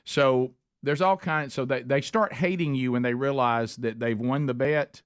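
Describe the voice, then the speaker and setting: A man's voice: mid-range voice, moderate pace, smooth, no room sound, studio quality. A middle-aged man with an Alabama accent hosting a radio talk show, telling stories in a chatty, joking way. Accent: Southern US, Alabama. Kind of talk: casual radio banter.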